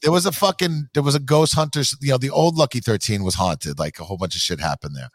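A man hosting a podcast in casual chat, swearing a lot and acting out other people in loud outbursts. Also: mid-range voice, quick pace, no echo. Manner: profane, animated, mimics people in loud outbursts. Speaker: podcast host.

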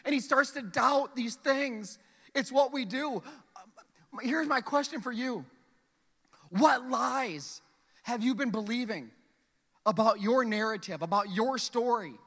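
A male pastor preaching a sermon, swinging from loud, drawn-out calls to hushed, near-whispered asides. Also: very high-pitched, big-room sound.

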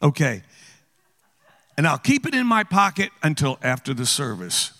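A high, bright-voiced man preaches as a guest speaker. His voice leaps up and down as he teases and calls out to the congregation in a church auditorium. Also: normal speed, big-room sound. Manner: animated, teasing, calls out to the audience. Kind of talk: playful sermon with audience interaction.

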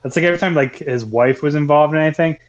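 A man's voice: on the high side, fast, lo-fi sound. A man co-hosting a casual movie podcast, rambling with lots of swearing and frequent laughter. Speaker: podcast co-host.

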